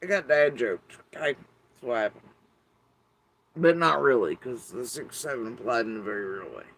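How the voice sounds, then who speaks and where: This YouTube commentator, a middle-aged man, delivers a loose, meandering monologue full of fillers, dry humor and profanity. His medium-pitched voice is expressive, creaky, a bit bright and slightly rough, moving at normal speed over poor audio.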